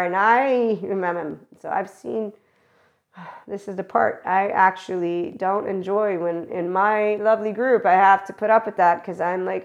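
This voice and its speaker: A woman's voice: medium pitch, unhurried. A woman hosting a spiritual talk, rambling casually, laughing often and acting out the voices of people she quotes. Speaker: spiritual channeler and podcast host.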